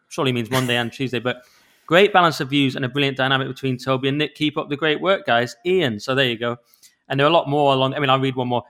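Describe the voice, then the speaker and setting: A man's voice: mid-range voice, quick pace, a bit bright. A man co-hosting a podcast in casual, jokey chat, laughing often. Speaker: podcast co-host.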